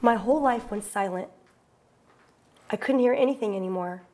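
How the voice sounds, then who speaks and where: A woman's voice: medium pitch, normal speed, long pauses, mellow. A woman performing a wry, breathless theatrical monologue from a solo stage show.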